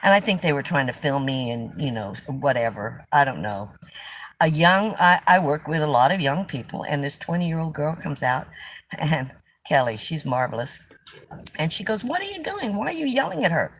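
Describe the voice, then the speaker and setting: A woman's voice: deep voice, animated, normal speed, a bit bright, a little hiss or hum, rough recording. A woman in her seventies, hosting a live stream and telling a story in a rambling, chatty way, laughing often. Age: 70s. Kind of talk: casual storytelling chat.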